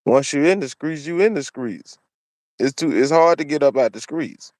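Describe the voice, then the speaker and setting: Giving opinionated commentary by himself, a commentary channel host preaches, restating his points and phrases repeatedly. His voice is fairly high, a little mellow and lively in intonation, at normal speed, in studio quality with no room sound.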